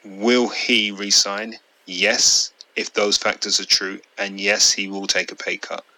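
A man's voice: lowish voice, level tone, measured pace, bright, forceful tone, rough recording. A man co-hosting a casual football podcast, opinionated and blunt, swearing freely. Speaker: podcast co-host.

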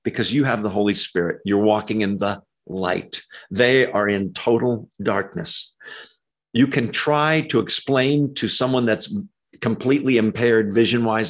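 A man preaching a conversational verse-by-verse sermon, animated and jumping his pitch up when he acts out quoted lines, with frequent ums. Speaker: pastor. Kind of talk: expository sermon.

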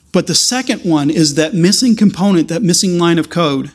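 A man preaching a sermon, earnest and halting, with frequent restarts that build to emphatic stretches. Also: sits high, expressive.

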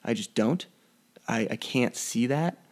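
Here the solo podcaster's voice sits mid-range, expressive and measured in pace. The young man still rambles profanely with mock menace in a casual rant recorded on a podcast mic.

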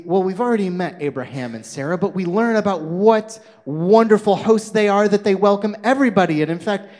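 A man with a fairly high voice tells a children's sermon story. He is animated and expressive and keeps turning to his young listeners with questions. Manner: animated, asks the audience questions.

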